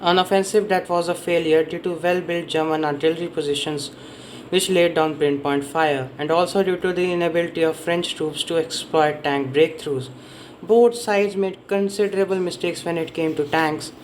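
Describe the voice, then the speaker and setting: A man's voice: fairly high pitch, steady tone, normal speed, a little hiss or hum, rough recording. Man casually summarizing a history book. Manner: rambling, self-correcting, stumbles over names. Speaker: book reviewer.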